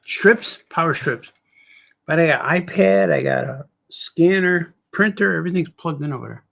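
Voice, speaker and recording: Here a middle-aged cartoonist livestreams his drawing, chatting loosely, muttering under his breath, drifting off mid-thought, and turning to his audience. He sounds a little high and a bit bright, animated at normal speed, with some vocal fry.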